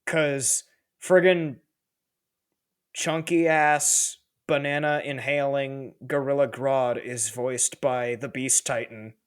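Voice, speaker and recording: A man in loose, chatty podcast talk, his voice sitting at an ordinary middle pitch. He recaps scenes with animated energy and keeps breaking into laughter. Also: slow pace, clear, resonant tone. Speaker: podcast co-host. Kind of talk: casual chat.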